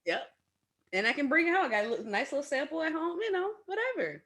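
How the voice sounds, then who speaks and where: A woman guest on a casual podcast chat, expressive and blunt, laughing often. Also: high voice, fast.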